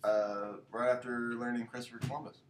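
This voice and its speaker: A man's voice: medium pitch, flat delivery, a little fast. A man in a casual chat, laid-back and joking, laughing along with his co-host. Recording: echoey room with faint noise.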